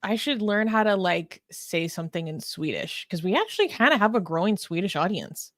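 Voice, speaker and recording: A young woman co-hosting a casual livestream chat, animated and self-mocking, laughing often. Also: mid-range voice, a little fast, dry recording, clean studio sound. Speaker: co-host.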